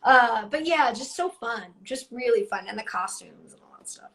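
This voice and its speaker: A woman's voice: on the high side, lively intonation, moderate pace, a bit bright. A woman in her thirties, a guest voice actor, talking in a rambling, self-deprecating way full of "like". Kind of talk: casual interview chat.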